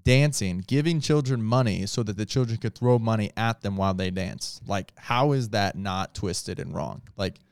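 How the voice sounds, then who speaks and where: Earnest pastor guy talking casual, fillers everywhere, kinda low, real clean voice. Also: moderate pace, few pauses, smooth, no echo. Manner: earnest, emphatic, with lots of filler words. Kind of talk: casual podcast talk.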